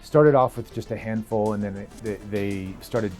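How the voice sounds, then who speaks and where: A man interviewed for a documentary, recalling an experience in a relaxed, thoughtful way. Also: fairly low pitch, normal speed, soft background music. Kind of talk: casual recollection.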